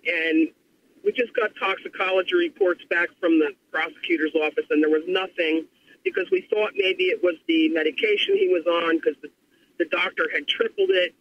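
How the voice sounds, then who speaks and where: A woman calling in to a radio show, speaking in a shaken, halting way about a loss in her family. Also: fairly low pitch, expressive. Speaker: caller. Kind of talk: phone-in call. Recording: dull lo-fi phone line with faint noise.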